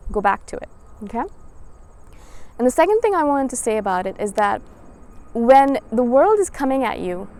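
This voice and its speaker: A spiritual vlogger in her thirties talks directly to her viewers in a relaxed, casual motivational monologue. Her voice is slightly high, and she comes across as earnest and encouraging, driving her advice home through steady repetition.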